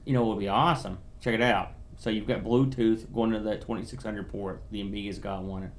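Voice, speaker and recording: A man's voice: lowish voice, steady tone, brisk, slight background noise. A man co-hosting a retro gaming podcast, chatting casually and explaining things at length with many restarts. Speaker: podcast co-host. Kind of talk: casual chat.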